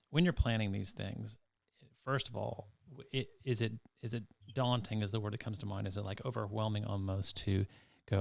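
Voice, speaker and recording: A man hosts a podcast, asking long, meandering questions in a quiet way. His voice sits low with a gravelly edge. The sound is dry and close. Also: no echo. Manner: soft-spoken, rambling questions with restarts. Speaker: podcast host. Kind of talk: interview questions.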